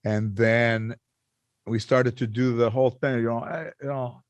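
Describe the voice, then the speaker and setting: A man's voice: medium pitch, measured pace, dry recording. A middle-aged man spins a story in a loose podcast chat, acting out every quote and cursing freely. His voice sits mid-range and the sound is dry and close. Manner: animated storyteller, acts out quotes, swears freely. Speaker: comedian guest.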